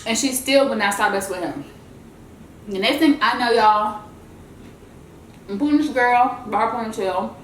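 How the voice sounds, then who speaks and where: A woman's voice: fairly high pitch, normal speed, pauses often, reverberant, a little hiss or hum, poor audio. Chatty woman telling a story while eating. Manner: chatty, animated, addresses viewers as y'all. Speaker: vlogger.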